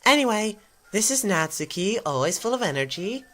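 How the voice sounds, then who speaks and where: A man voicing a bubbly, cheerful teenage schoolgirl in a visual novel game, squealing in a high, excited voice. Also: normal speed, full character voice. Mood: cheery.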